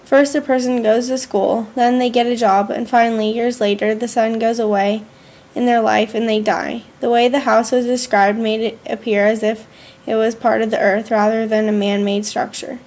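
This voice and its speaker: A woman, a student, reading her school journal aloud in an earnest, measured way with slow pauses. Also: a little high, little pitch movement, darkish tone.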